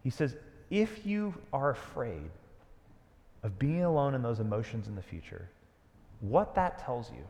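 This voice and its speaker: A man's voice: medium pitch, sing-song, measured pace, pauses often. Man preaching in a reverberant hall. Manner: dramatic, drops to a hush for key lines. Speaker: pastor. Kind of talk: sermon.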